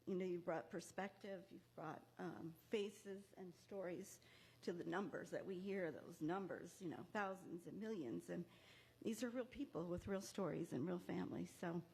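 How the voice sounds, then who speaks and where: A woman's voice: mid-range voice, vocal fry, darkish tone, a little hiss or hum. A woman speaking at a memorial ceremony in a museum, earnest and emotional, close to tears. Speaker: bereaved mother speaking as guest. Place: museum event room.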